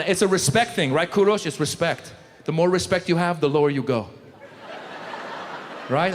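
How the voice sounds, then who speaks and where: A middle-aged man from Iran doing an animated stand-up routine on a club stage, acting out characters. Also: on the high side. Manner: animated, acts out characters with quick repeated greetings. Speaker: stand-up comedian. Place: comedy club stage with live audience. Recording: live crowd laughter and ambient noise.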